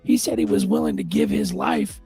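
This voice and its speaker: A man co-hosting a casual chat, excitable and animated, swearing freely. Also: rumbling low, brisk, creaky, soft background music. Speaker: podcast co-host.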